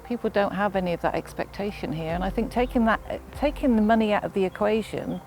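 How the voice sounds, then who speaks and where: A woman speaking earnestly in a documentary interview, pausing to search for her words. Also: mid-range voice, a little mellow. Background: music.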